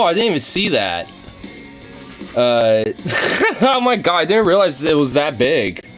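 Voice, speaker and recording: Slow, lively excitable male streamer. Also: medium pitch. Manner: excitable, gushing over cats, casually profane. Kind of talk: casual live-stream reaction chat.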